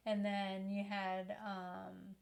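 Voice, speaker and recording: Woman podcast co-host, casual and musing, mid-pitched voice. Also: monotone, drawn-out words, creaky. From Latin American heritage. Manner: thoughtful, trails off with ums. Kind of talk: casual chat.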